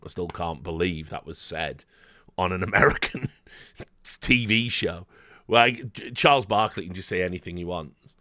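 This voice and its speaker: A man's voice: deep voice, normal speed, pushed and bright, no room sound, studio quality. A man telling a story casually, rambling, swearing often and laughing. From Britain. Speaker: streamer host.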